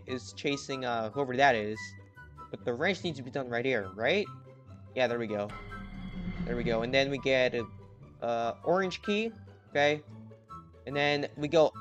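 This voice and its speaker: A young man commentating his gameplay with lots of energy, talking straight to his viewers. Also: mid-range voice. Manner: energetic, talks to viewers, hypes himself up. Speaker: gaming video host.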